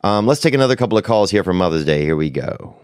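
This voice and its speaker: A man with a very low voice tells loose, rambling comic stories between listener questions. He talks in a slangy, profane, animated way. The sound is close and dry. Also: fast, smooth, no echo. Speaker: podcast host answering listener questions. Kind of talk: rambling comedic storytelling.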